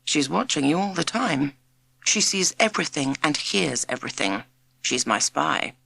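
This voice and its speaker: A woman voicing a quirky modern witch who teaches a school class, in a quiet but firm, brisk storybook voice. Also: low-pitched, animated, gravelly, breathy edge, no room sound, exaggerated voice. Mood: stern.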